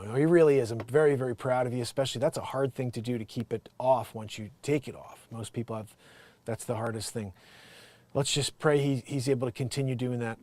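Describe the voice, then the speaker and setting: A man's voice: mid-range voice, a little mellow. A man hosting a comedy news show, rambling animatedly and laughing at his own bits. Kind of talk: casual comedic commentary.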